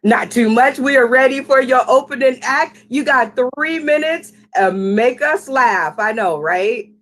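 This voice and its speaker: A woman's voice: high voice, unhurried. A woman hosting a virtual comedy show over a video call, hyping up the crowd and bringing on the acts. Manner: hyped, animated hosting. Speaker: host.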